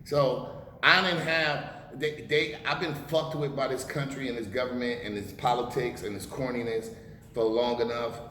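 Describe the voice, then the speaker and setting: Guy in his 40s, blunt and sweary, mid pitch, echoey room w/ long reverb. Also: fairly even intonation, normal speed, sharp tone, a little hiss or hum. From United States. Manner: blunt, profane, emphatic. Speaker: rapper guest. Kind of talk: casual interview talk.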